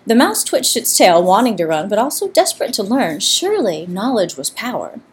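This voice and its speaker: A woman narrating a comic story in an expressive, playful way. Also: mid-range voice, normal speed.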